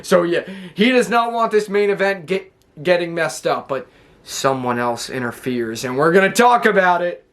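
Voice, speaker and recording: High-voiced man rambling through a recap. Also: animated, moderate pace, a bit bright. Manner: rambling, many fillers and restarts. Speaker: wrestling show recap vlogger. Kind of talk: casual recap.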